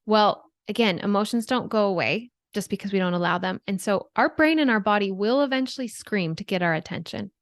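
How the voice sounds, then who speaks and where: A woman's voice: medium pitch, a little fast, hardly any pauses, dry recording, clean studio sound. A woman in her thirties, a guest expert on a podcast, explaining in an earnest way and often checking in with "right?". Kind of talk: podcast interview.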